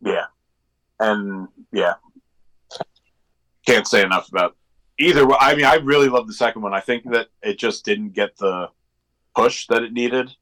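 A man's voice: on the low side, a little slow, pauses often, a bit bright, poor audio. A man co-hosting a podcast in casual chat, rambling and digressing with lots of fillers. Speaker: podcast co-host.

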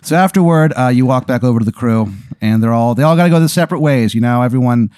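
A man telling an improvised comic story in a rambling, deadpan way, full of fillers. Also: mid-range voice, fast, no echo, clean studio sound.

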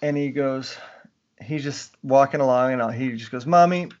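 A man's voice: medium pitch, fairly even intonation, normal speed, darkish tone. A man co-hosting a podcast, telling a funny family story in casual chat and acting out the quotes. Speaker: podcast co-host. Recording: dull lo-fi audio with faint noise.

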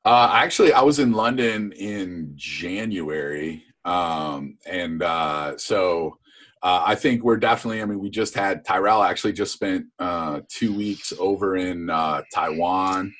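A man's voice: sits low, unhurried, a bit bright. A man guest on a podcast, talking casually and rambling with many fillers about his coaching course. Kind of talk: casual interview chat.

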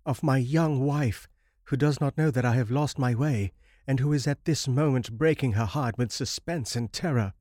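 A man's voice: medium pitch, normal speed, darkish tone, no room sound, clean studio sound, voice pushed up, natural voice. A man voicing an anxious young husband and lost traveller in a horror story reading, eager and pleading.

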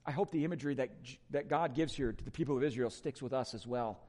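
A man preaching a sermon to a congregation, asking rhetorical questions and swinging between loud emphatic lines and quiet ones. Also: mid-range voice, fast. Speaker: pastor.

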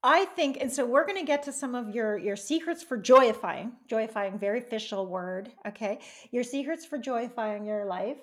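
A woman hosting a podcast interview in a casual, animated way, laughing often. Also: on the high side, moderate pace, few pauses. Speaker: podcast host.

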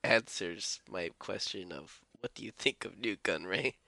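Woman co-host, bright gravelly voice, lively pitch, playful banter. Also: unhurried, no echo. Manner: playful, jokey asides. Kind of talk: casual chat.

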